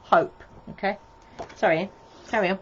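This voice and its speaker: A woman's voice: mid-range voice, fairly even intonation, normal speed, dull audio, slight background noise. A woman co-hosting a casual live stream, chatty and giggly, joking playfully. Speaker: co-host.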